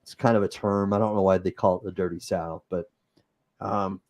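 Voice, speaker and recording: A man's voice: sits low, fairly even intonation, normal speed, darkish tone. A man with a Utah accent hosting a livestream, chatting casually and improvising as he reads comments. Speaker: host.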